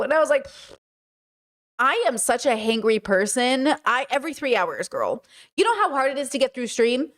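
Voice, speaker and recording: Young woman chatting on stream, slightly high voice, animated storyteller doing everyone's lines. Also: moderate pace. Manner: animated storyteller, acts out family members' lines. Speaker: streamer host. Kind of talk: casual chat to a live stream.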